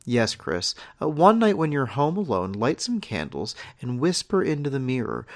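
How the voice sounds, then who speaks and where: A man hosts a comedy podcast, reading absurd ads and listener letters with a dry, mock-serious delivery. His pitch moves in a lively way around a middle register. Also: normal speed, few pauses. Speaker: podcast host.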